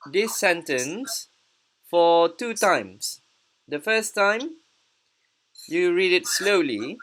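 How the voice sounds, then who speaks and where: A woman teaching English pronunciation in an online class, patient and encouraging, repeating words slowly. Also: lowish voice, fairly bright tone.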